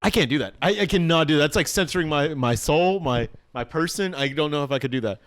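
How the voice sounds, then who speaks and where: A man's voice: fairly high pitch, expressive, quick pace, a bit bright. Rambling young man on a podcast. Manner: rambling storyteller, heavy use of "like". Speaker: podcast co-host. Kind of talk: casual podcast chat.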